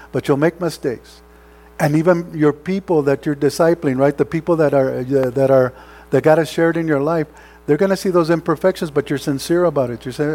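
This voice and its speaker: A man's voice: a little high, dark tone. A man preaching a sermon as pastor, earnest and conversational, often checking in with rhetorical questions. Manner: earnest, exhorting.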